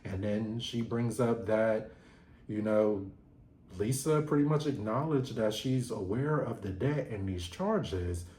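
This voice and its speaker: A man hosting a casual reality TV recap, talking in animated, slangy, gossipy bursts and laughing often. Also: lowish voice, slow. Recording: roomy echo.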